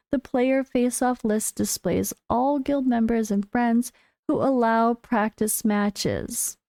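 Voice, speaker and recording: A woman hosting a gaming channel, reading patch notes and breaking off into excited reactions, her voice going hoarse. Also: no room sound, clean studio sound. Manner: excitable, bursts into high exclamations.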